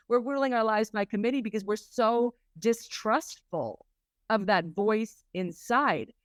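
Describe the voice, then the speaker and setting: A woman coach being interviewed on a podcast, talking in a lively way and acting out quoted voices. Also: on the high side, unhurried, no room sound. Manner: lively and animated, acts out quotes in raised voices. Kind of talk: conversational interview.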